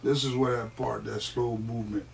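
Man, wrestler, animated storyteller, laughs often, mid pitch, distant mic. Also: a little fast, gravelly, background noise. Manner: animated, laughs often while telling stories. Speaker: guest, wrestler. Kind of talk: casual interview storytelling.

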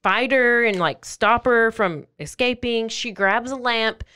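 A woman hosting a podcast, casually telling a true-crime story in an animated way and acting out quotes in playful voices. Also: fairly high pitch, measured pace, clear, resonant tone. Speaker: podcast host.

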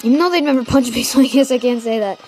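Teen girl, let's-play host, a bit high-pitched, chatty and excitable, faint game music behind. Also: quick pace. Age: teenager. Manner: excitable, rambling, trash-talks the game. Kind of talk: gameplay commentary. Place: home.

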